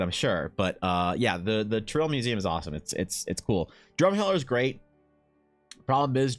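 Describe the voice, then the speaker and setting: Casual streamer, thirties man from Canada, mid-pitched, rambling and profane over faint music. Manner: rambling, profane, animated asides. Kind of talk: casual live-stream chat.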